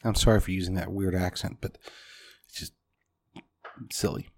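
A man's voice: low-pitched, steady tone, normal speed. A man delivering a punchy political commentary monologue, speaking directly to his listeners as folks.

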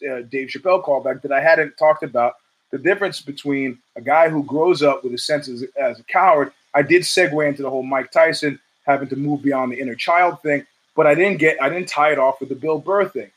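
A man's voice: brisk, fairly bright tone, poor audio. A man hosting his own show, talking casually in a rambling monologue full of asides, restarts and swearing, acting out quotes in a raised voice. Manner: acts out quotes in a raised pitch. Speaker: podcast host.

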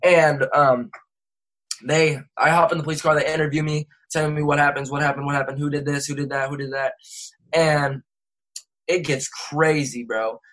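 A man's voice: fairly high pitch, steady tone, moderate pace, fairly bright tone, rough recording. A young man, a rapper and interview guest, telling a rambling casual story full of slang and self-corrections. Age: young adult.

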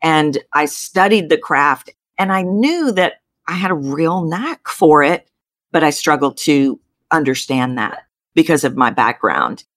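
A Texan woman with a low, deep speaking voice, telling her story with animated leaps up in pitch. The sound is dry and close, with no room around it. She talks like a seasoned voice coach giving an interview. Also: unhurried, dry recording. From Texas. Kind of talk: interview guest.

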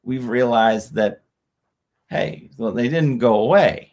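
A slightly hoarse man, an author guest on a podcast, explaining his argument in an earnest way and repeating his phrases. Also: medium pitch, slow, darkish tone. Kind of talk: podcast interview.

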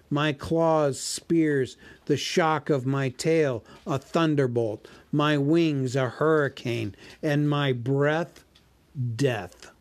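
A booming, gloating ancient dragon, put on by a man reading aloud. He lingers over each threat, slow and raised in pitch, proud of his own might. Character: huge boastful ancient male dragon, menacing.

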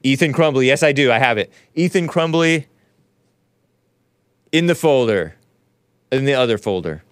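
A man's voice: medium pitch, animated, moderate pace, clear, resonant tone, no echo. A man hosting a talk show, commenting sarcastically in a rambling, casual way, often laughing at his own remarks. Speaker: show host.

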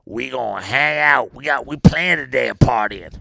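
With background noise behind him, a man impersonates a gravelly, raspy Cajun football coach who is brash and rowdy, as part of a comedic mock interview. His mid-range voice keeps a moderate pace while he boasts, rambles and breaks into shouting.

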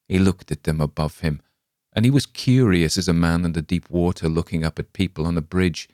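Deep-voiced man narrating a dark tale. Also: brisk, dry recording, studio quality. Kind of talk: scripted story narration.

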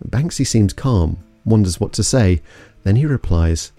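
A man's voice: medium pitch, lively intonation, moderate pace, creaky, warm tone, no echo, soft background music. A man from London narrating an investigative story in a suspenseful, scripted way. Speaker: podcast narrator.

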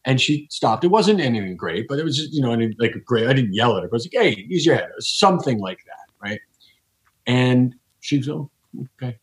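A man in the middle of an easygoing podcast conversation, thinking aloud as he goes. His voice sits at an ordinary pitch, and he keeps circling back, restarting and rephrasing as he reaches for what he means. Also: lively intonation, a little fast. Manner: rambling, reflective, many restarts. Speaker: podcast guest. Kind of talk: casual conversation.

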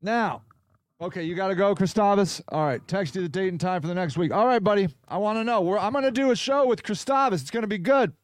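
A man hosts a casual solo podcast, reading viewer comments aloud and answering them in a rambling, sarcastic way. His voice sits high and sounds smooth and clear. The mic is close and dry, with no room sound. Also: quick pace, dry recording. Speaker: podcast host.

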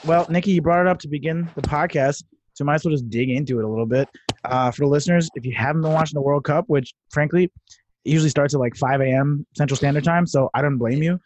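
A man's voice: fairly high pitch, fast talker, darkish tone, highs cut off, a little hiss or hum. A man co-hosting a casual sports podcast, telling stories in a laid-back way and laughing often. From USA. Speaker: podcast co-host. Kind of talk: casual chat.

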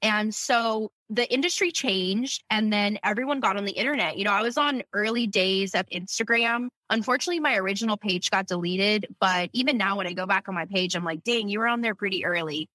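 A woman's voice: medium pitch, brisk, hardly any pauses, sharp tone, dry recording, low-quality recording. A woman in her thirties from Louisiana, a guest on a podcast, telling her life story in a candid, emotional way. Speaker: podcast guest, company founder. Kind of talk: personal storytelling in an interview.

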